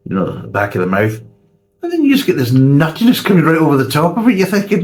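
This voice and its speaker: A man's voice: a little high, wildly swooping pitch, fast, a little mellow, low-quality recording. A man reviewing a beer in a casual, sweary, ranting way.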